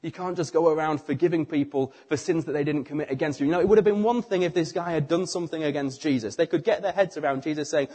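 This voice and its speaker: A middle-aged British man preaching a sermon, telling the story with animated acted-out voices. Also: on the high side, quick pace, hardly any pauses, husky.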